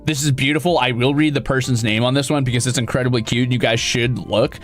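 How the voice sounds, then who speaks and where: A man streaming and chatting casually, excitable and profane, with sudden loud outbursts. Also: mid-range voice, quick pace, faint music behind. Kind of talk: casual live-stream chat.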